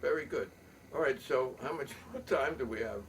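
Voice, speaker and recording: An older man telling a long rambling story, halting with many ums and restarts. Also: medium pitch. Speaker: poet and storyteller. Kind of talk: rambling spoken reminiscence. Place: home loft. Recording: distant mic, faint room noise.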